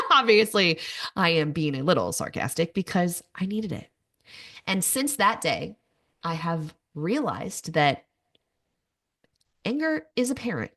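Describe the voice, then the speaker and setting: A woman in her thirties hosts a personal podcast, talking candidly and poking fun at herself. Her voice sits fairly low but swings widely in pitch as she tells her stories. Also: unhurried, long pauses. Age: 30s. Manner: candid, animated storytelling with self-mocking asides. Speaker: podcast host. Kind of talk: personal monologue.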